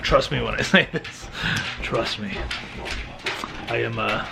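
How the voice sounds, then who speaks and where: A man's voice: mid-range voice, slow, gravelly. Middle-aged male vlogger, loose rambling home chat, noisy room. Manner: rambling, joking, self-interrupting. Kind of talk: casual vlog chat.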